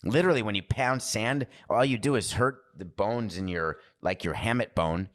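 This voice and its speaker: A man's voice: fairly low pitch, normal speed. A man hosting a podcast, talking in a rambling, digressive monologue that keeps interrupting itself. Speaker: podcast host. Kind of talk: casual monologue.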